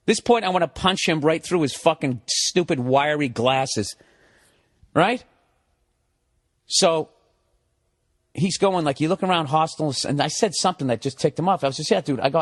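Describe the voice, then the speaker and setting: A man's voice: medium pitch, fairly quick, no room sound, clean studio sound. A man hosting a podcast, telling a story in a profane, sarcastic way and acting out both sides of an argument. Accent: Boston. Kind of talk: casual storytelling monologue.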